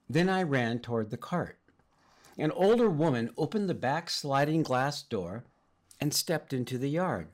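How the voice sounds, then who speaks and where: Middle-aged preacher guy from southern california, voice rises and falls a lot, earnest storytelling sermon. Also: mid-range voice.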